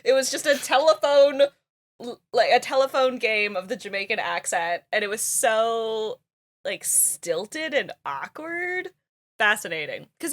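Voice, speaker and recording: A woman co-hosts a podcast in casual chat, using plenty of fillers and laughing often. Her voice sits mid-range with a fairly bright tone.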